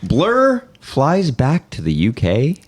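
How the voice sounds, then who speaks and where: A man's voice: mid-range voice, wildly swooping pitch, slow. A man hosting a casual music podcast, telling a band's history with jokey asides. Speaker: podcast host.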